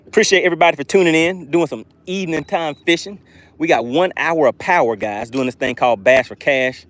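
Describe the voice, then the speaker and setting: A man hosting a live fishing stream from a boat, excitedly talking to his viewers and reading their chat aloud. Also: a little high, moderate pace. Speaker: fishing channel host. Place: on a boat on open water. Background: jet skis and outdoor ambience.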